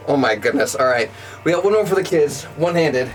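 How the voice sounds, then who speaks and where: A man's voice: a little high, expressive, brisk, over music, low-quality recording. A young man streaming live, chatting playfully with viewers and counting out workout reps. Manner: playful, joking with chat, counting out exercise reps. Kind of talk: casual live-stream chat.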